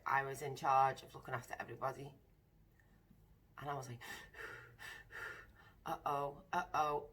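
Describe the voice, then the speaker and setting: A woman candidly recounting a personal experience to camera, vivid and emotional, sometimes dropping into breathy whispers. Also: rumbling low, fairly bright tone. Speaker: vlogger sharing personal experience.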